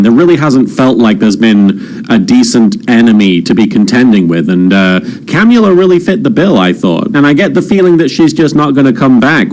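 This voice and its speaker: A man's voice: medium pitch, a little mellow, poor audio. Rambling man in casual commentary. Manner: rambling, many fillers and restarts. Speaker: channel host.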